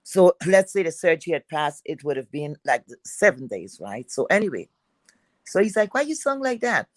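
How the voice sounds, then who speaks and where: A woman with a deep, heavy voice telling a personal story in a chatty, rambling way, full of fillers. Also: very animated, normal speed, a little mellow, dry recording, rough recording.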